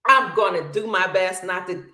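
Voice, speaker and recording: A woman's voice: fairly low pitch, moderate pace, bright, forceful tone. Effusive woman host in an echoey room. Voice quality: long-winded and bubbly. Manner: effusive and affectionate, calls viewers honey, sister, brother and family. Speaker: livestream host. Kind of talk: casual livestream chat reading viewer comments.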